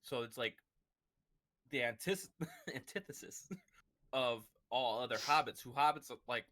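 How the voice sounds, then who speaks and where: A man's voice: medium pitch, measured pace, pushed and bright. A man co-hosting a book club podcast, rambling casually with plenty of filler words and frequent laughter. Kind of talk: casual chat.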